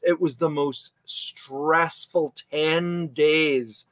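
A young man in casual chat, telling a story with animated asides and acting out what he said back then. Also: on the high side, extremely slow, a little hiss or hum. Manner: animated storyteller, acts out his own past lines. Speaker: podcast guest.

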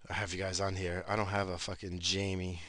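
A man's voice: low-pitched, level tone, brisk, a bit bright. A man hosting a casual talk show, ranting in a crude, rambling way and swearing constantly. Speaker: podcast host. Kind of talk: casual profane rant.

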